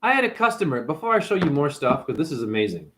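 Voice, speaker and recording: Sing-song and quick, with a fairly bright tone, a livestream host riffs through a slangy, easygoing spiritual monologue. He imitates the people he quotes in high, mocking voices.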